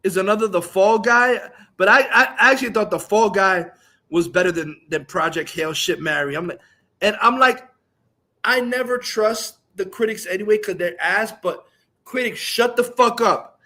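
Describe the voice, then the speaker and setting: Bright, high-voiced man ranting angrily. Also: moderate pace. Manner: angry, profane, ranting. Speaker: live-stream host. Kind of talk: ranting live stream reaction.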